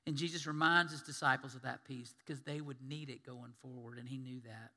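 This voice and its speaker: A male pastor preaching a sermon, telling stories and swinging from loud emphasis to hushed tones. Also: mid-range voice, fairly even intonation, a little fast, long reverb tail.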